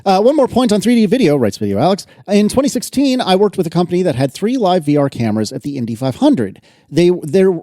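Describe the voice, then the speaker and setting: A man's voice: fairly high pitch, dark tone, no room sound, studio quality. A man co-hosting a casual tech podcast, reading listener letters aloud and laughing often. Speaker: podcast co-host.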